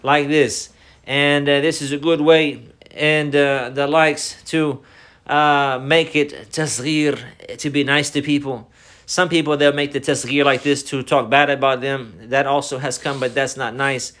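A man's voice: medium pitch, little pitch movement, a bit bright. A man teaching an Islamic religious lesson, repeating key phrases and weaving Arabic phrases into his English. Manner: repeats key phrases, deliberate explanatory delivery.

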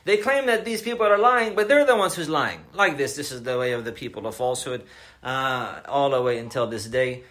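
A man's voice: medium pitch, expressive, a little fast, fairly bright tone. A man giving a religious lecture, emphatic and repetitive, often asking his listeners questions. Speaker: Islamic lecturer.

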